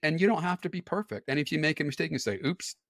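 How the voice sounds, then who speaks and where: A man's voice: fairly high pitch, very fast, gravelly, a bit bright, no room sound, clean studio sound. A man talking as a podcast guest in candid, conversational chat. He is frank, often repeats words and restarts, and laughs easily.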